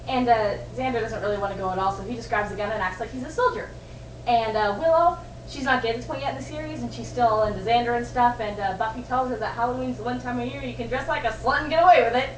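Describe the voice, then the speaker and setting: A woman plays a chatty young girlfriend in a low-budget film, rambling quickly through a story with plenty of fillers. Her voice is a touch high and sits far from the mic. The room is echoey and there is steady hiss. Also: lightly acted. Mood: casual. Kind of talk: indie film acting.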